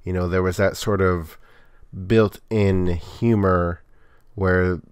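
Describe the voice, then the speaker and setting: Low-voiced, wry man co-host. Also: fairly even intonation, takes it slowly, smooth, no room sound, clean studio sound. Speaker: podcast co-host. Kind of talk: casual podcast chat.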